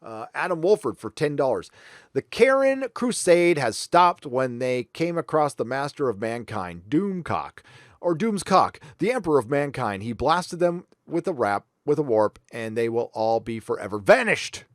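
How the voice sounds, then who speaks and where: A man's voice: medium pitch, big pitch swings, moderate pace, no echo, clean studio sound. A man hosting a livestream, reading viewer donations aloud with blunt, profane, sarcastic asides. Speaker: livestream host.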